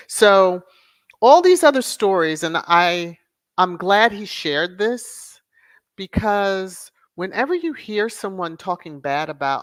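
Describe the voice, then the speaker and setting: A woman's voice: mid-range voice, big pitch swings, takes it slowly, no room sound. A woman hosting a livestream commentary show. She talks emphatically and repeats words for sarcastic stress. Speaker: host of a royal news commentary channel.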